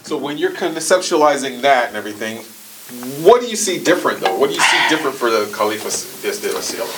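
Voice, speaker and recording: Easygoing male podcast host, lively voice. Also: medium pitch, fast, very noisy. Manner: easygoing, laughs along, interviewing. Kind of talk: casual chat.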